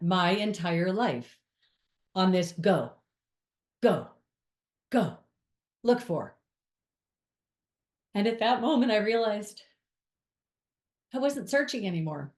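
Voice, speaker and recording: A woman's voice: mid-range voice, darkish tone. A woman giving an earnest, confessional spiritual monologue to her viewers, with candid asides. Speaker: spiritual speaker. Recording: roomy echo.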